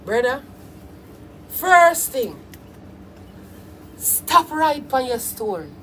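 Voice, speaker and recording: A woman with a Jamaican accent delivering a loud, profane comedic rant, scolding and shouting. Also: high voice, very animated, extremely slow, slight background noise. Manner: shouting, scolding, heavy swearing.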